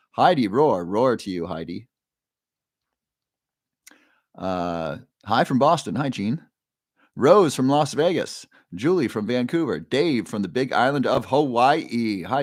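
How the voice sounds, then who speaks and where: A man's voice: mid-range voice, no echo, studio quality. Upbeat man hosting a livestream. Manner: upbeat, greets viewers by name, frequent fillers. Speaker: livestream host. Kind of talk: casual livestream chat, reading viewer comments. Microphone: new microphone.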